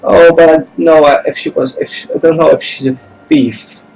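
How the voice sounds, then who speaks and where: A man's voice: fairly high pitch, steady tone, moderate pace, creaky, a little mellow, pitched above the performer's own voice, rough recording. A man doing a timid little nanny. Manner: meek and apologetic, then mock-scolding. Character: timid sweet young woman nanny, tiny, meek. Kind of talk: reading game dialogue aloud.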